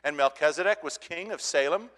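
A man preaching a sermon in earnest, swelling loud at times and dropping low, with frequent restarts. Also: fairly quick. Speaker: pastor. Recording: long hall reverb.

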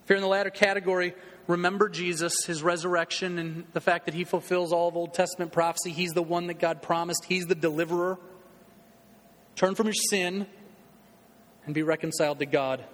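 A man's voice: high voice, level tone, fairly quick, long reverb tail. A man preaching a sermon as pastor in a church, urging his listeners earnestly and repeating his calls to action.

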